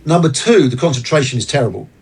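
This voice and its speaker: A man guesting on an interview, explaining business ideas in an earnest, animated way. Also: medium pitch, fast, slightly rough. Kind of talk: casual interview talk.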